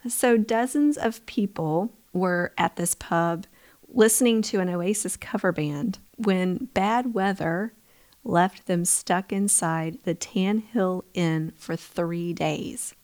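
A woman's voice: fairly low pitch, takes it slowly, darkish tone. A woman co-hosting a comedy podcast, chatting casually, teasing and laughing often. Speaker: podcast co-host.

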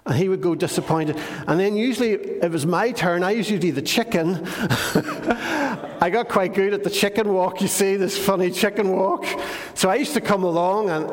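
A man's voice: sits high, normal speed, long reverb tail. An older man preaching a sermon, telling stories in a chatty, self-deprecating way. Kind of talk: sermon with anecdotes.

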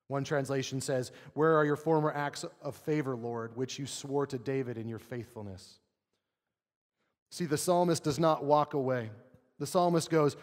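A man preaching a sermon as pastor, earnest, asking rhetorical questions and dropping quiet to read scripture. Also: mid-range voice, moderate pace. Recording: long hall reverb.

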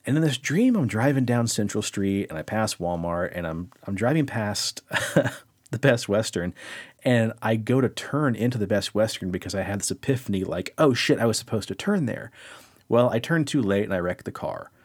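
A man co-hosting a podcast, telling a long personal story in casual chat, rambling and animated, full of "like" fillers. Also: on the low side, normal speed, dry recording, clean studio sound. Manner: rambling, animated, heavy use of "like". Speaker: podcast co-host.

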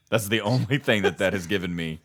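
Very deep-voiced man telling rambling stories. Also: normal speed, a bit bright. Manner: rambling storyteller, laughs often, trails off mid-sentence. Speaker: podcast co-host. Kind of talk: casual podcast chat.

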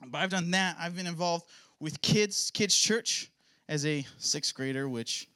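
A young man speaks at church about his upbringing, mixing earnest testimony with playful, self-mocking jokes. His voice sits a touch high and rings bright and clear. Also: a little slow. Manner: joking, self-mocking asides. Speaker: pastor's son giving a church talk. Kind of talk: casual sermon testimony.

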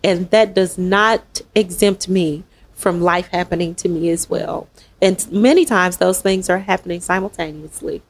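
A woman who founded the summit hosts a candid online panel talk over a video call. Her voice is fairly low and steady in tone. She speaks earnestly and with animation, throwing in quick asides and laughs.

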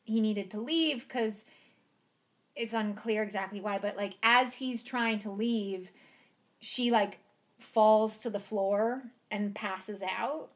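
A woman's voice: mid-range voice, slow. A woman co-hosting a podcast in casual chat, recapping a show with lots of "like" and "um" and easy laughter. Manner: chatty, lots of "like" and "um", laughs easily.

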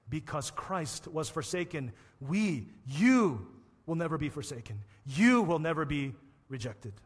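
A man's voice: on the high side, animated, measured pace, in a large hall. A man preaching a sermon as pastor, building his rousing points through repeated phrases.

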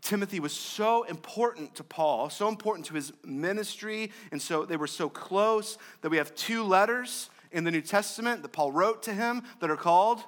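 A young male pastor preaching a sermon, conversational with joking asides, swinging from loud emphasis to quiet, low lines. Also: moderate pace, few pauses.

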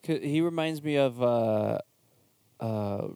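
A man in a casual chat who speaks haltingly, searching for words. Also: medium pitch, mellow, clear, resonant tone, no room sound.

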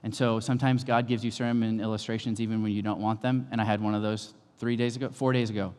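A male pastor in his thirties preaching a sermon, with lively storytelling that swings from calm to loud. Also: lowish voice, quick pace, smooth. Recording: long hall reverb.

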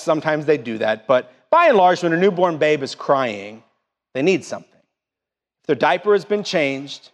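In the big-room sound of a church sanctuary, a middle-aged male pastor delivers a sermon in a fairly high voice. His preaching is emphatic, full of questions for the congregation, with a rising and falling call-and-response rhythm.

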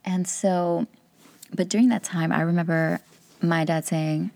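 A woman's voice: lowish voice, steady tone, measured pace, darkish tone. A woman in her thirties hosting a podcast, giving candid, chatty parenting advice and laughing often. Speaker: podcast host and life coach. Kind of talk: casual advice monologue.

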